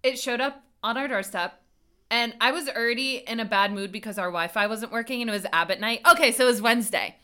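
A woman's voice: a little high, quick pace, bright, forceful tone. A young woman co-hosting a podcast, telling stories in casual chat, laughing often and swearing freely. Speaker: podcast co-host.

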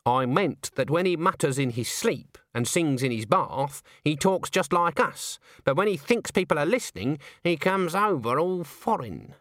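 A man's voice: on the high side, animated, moderate pace, few pauses, a bit bright, no echo, studio quality, voice pushed up. Granny Weatherwax, a stern old witch, as a male reader puts her on. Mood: suspicious. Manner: clipped, commanding. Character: stern old woman witch, sharp and suspicious.

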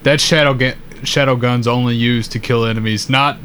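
A man co-hosting a podcast, relaxed and chatty, swearing casually as he tells stories. His pitch is ordinary and his delivery easygoing. A faint hum of ambience runs underneath. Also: moderate pace. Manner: laid-back, profane, laughing storyteller. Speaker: podcast co-host. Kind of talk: casual chat.

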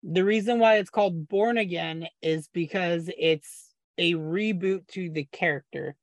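A man's voice: high-pitched, unhurried, no echo. A man co-hosting a podcast, explaining eagerly at length in casual chat and sometimes stumbling over his words. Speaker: podcast co-host.

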